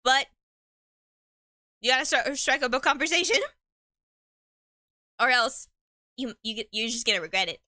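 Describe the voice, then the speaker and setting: A young streamer of Mexican heritage chats and rambles while eating, stumbling over words, using slang, laughing often, and sometimes talking with her mouth full. Her bright, slightly high voice is expressive at normal speed, with frequent pauses. The sound is dry and close, without room echo.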